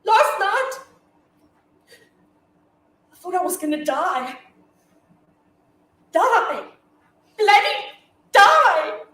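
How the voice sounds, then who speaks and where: A woman's voice: very high voice, very animated, bright, forceful tone, heavily acted. An actress playing a woman cursing in pain, drawling her swear words. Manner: drawn-out swearing, slow. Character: woman cursing in pain after a rough night. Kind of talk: staged play reading. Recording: echoey theatre hall.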